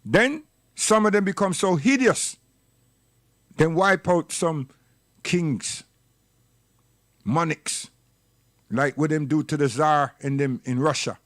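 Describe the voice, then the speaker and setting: Man with a high voice, preachy and scolding, dry close sound, for a livestream rant. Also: takes it slowly, long pauses, a bit bright, no echo. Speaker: livestream commentator. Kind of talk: impassioned livestream monologue.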